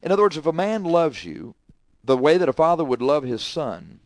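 A middle-aged man preaching a sermon, emphatic and repetitive, swinging between loud declarations and quiet asides. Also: on the high side, big pitch swings, moderate pace, no room sound, studio quality.

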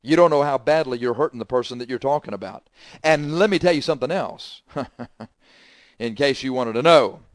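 A man preaching a sermon, scolding forcefully and swinging between loud emphasis and quiet asides. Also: mid-range voice, moderate pace, no echo.

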